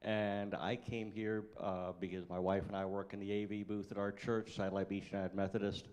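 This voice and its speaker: A church sound-booth volunteer speaks up from the audience with a casual introduction. He pauses often and fills the gaps with "uh". His voice sits somewhat low. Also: little pitch movement, darkish tone. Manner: halting, with many fillers.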